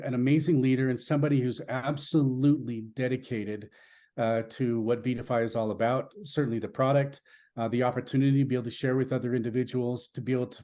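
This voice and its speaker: A man's voice: medium pitch, dark tone. A man hosting a company launch event, giving an earnest motivational speech with repeated rhetorical questions and many fillers.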